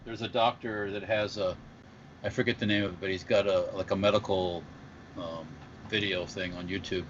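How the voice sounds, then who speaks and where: A man's voice: deep voice, steady tone, moderate pace. Male co-host, casual chat, rambling jokey manner, dull audio, light hiss. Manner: rambling, joking. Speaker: podcast co-host.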